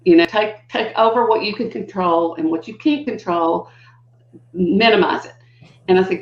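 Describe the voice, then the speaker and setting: Older woman guest on a video call, lively storyteller who slips into voices, echoey room, muffled audio. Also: normal speed. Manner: animated, acts out quotes with big pitch jumps. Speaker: guest educator. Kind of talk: conversational storytelling. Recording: dull lo-fi audio in a roomy space.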